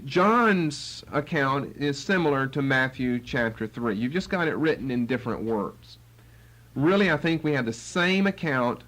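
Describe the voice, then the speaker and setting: Guy teaching bible verse by verse, lively up and down voice, acts out quotes. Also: mid-range voice, rough recording. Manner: animated, acts out quotes with sarcasm.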